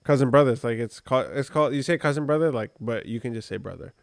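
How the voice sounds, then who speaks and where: Here a mid-range, gravelly-voiced man talks fast, with no room sound in the recording. As a podcast co-host in casual conversation, he rambles through a personal story, leaning on plenty of fillers.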